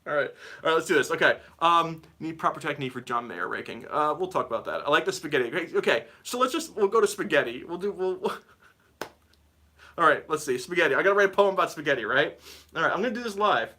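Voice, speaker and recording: A man's voice: a little high, expressive, fast talker, sharp tone. A man teaching guitar on a live stream, giggling and rambling as he reads the chat, with guitar playing behind.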